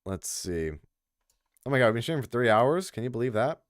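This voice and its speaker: A young man with a mid-range voice casually commentates a game tournament on a stream, speaking a little fast. He's a chatty, lively caster who talks to the chat. The studio sound is clean with no room sound.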